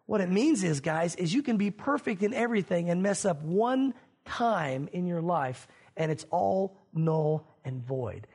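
A man's voice: high voice, expressive, unhurried, a little mellow, husky. A man preaching a sermon as pastor, earnest and questioning, addressing his congregation directly.

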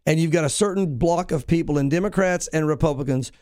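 Pastor guy hosting, high voice, emphatic and preachy, keeps restarting lines. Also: fast talker, darkish tone, clean tone, dry recording, clean studio sound. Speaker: pastor and show host. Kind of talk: news reading and opinion commentary.

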